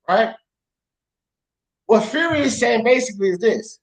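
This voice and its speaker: A man's voice: high-pitched, very animated, moderate pace, a bit bright, low-quality recording. A man hosting a sports talk show, arguing bluntly with lots of swearing and street slang. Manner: blunt, profane, argumentative. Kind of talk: heated sports debate. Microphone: podcast mic.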